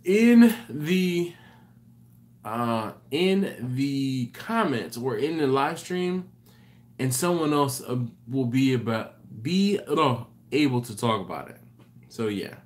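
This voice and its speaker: A tired man hosting a live stream late at night. He talks slowly and unhurriedly, rambling as he reads out viewer comments. He keeps correcting himself and apologizing. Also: medium pitch, lively intonation. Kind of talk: casual live chat reading viewer comments.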